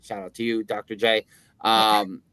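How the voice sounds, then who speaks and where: A man's voice: on the low side, flat delivery, measured pace, bright, forceful tone, clean tone, no echo. A man co-hosting a casual podcast chat, rambling and jokey, often restarting his sentences. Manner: rambling, self-interrupting, jokey. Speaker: podcast co-host.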